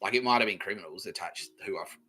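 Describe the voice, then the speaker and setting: A man's voice: sits low, very fast, bright, forceful tone, husky, poor audio. A man with an Australian accent hosting a comedy podcast, rambling through a jokey monologue, swearing often and laughing at his own jokes. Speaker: podcast host.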